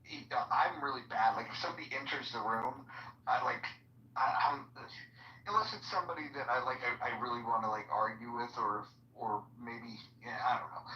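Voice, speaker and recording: Male host, rambly and hesitant, bright voice, far from the mic, echoey lo-fi sound. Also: mid-range voice, moderate pace. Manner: rambling, hesitant, many filler words. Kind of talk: casual chat. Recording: far-off roomy lo-fi audio.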